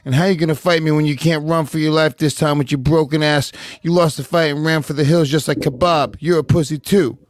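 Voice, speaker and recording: A man's voice: a little high, fairly even intonation, fairly quick, few pauses, no room sound, clean studio sound, lightly acted. A man doing a blunt streetwise fighter. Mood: insulting. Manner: blunt, insulting, slangy. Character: defiant streetwise male fighter hurling insults. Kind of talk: podcast impression bit.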